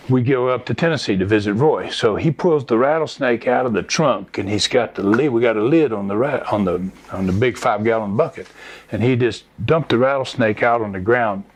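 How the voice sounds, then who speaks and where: A man's voice: fairly low pitch, slightly rough. A man from Mississippi, telling a story in casual conversation as an interview guest. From Mississippi, USA.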